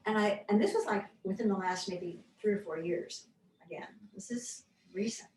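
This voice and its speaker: A woman reflecting in a thoughtful, halting conversational way, sometimes dropping to soft near-whispers. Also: mid-range voice. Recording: echoey room, mic at a distance, faint noise.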